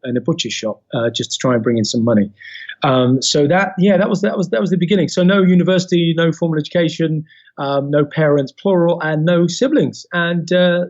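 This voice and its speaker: A man with a London accent, a podcast guest telling his life story in an animated way, with many fillers and restarts. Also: fairly high pitch, muffled recording. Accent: London English. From England. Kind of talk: casual interview chat.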